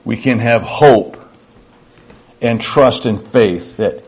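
A middle-aged male pastor preaches slowly and earnestly, in a husky voice. He talks to his listeners as if in conversation and slips into little acted-out exchanges. His pitch sits in an ordinary middle range. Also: darkish tone. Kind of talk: sermon.

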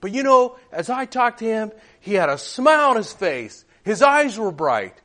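A man's voice: high voice, big pitch swings, moderate pace, fairly bright tone. A male preacher telling a story in a sermon, retelling a conversation and acting out the quoted voices.

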